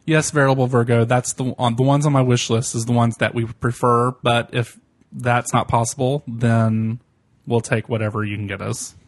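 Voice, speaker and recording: A man's voice: mid-range voice, level tone, normal speed, no echo. A man hosting a podcast in casual chat, giggly and swearing freely. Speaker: podcast host.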